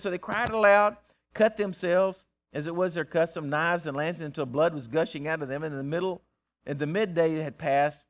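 Man, preacher, folksy sermon, somewhat high voice, loud bursts then hushed. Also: normal speed. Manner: swings from loud preaching to hushed, earnest talk; plain-spoken, folksy, teasing.

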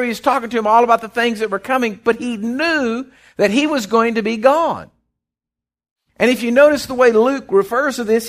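A man preaching a folksy sermon, often repeating words as he goes. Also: very high-pitched. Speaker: pastor.

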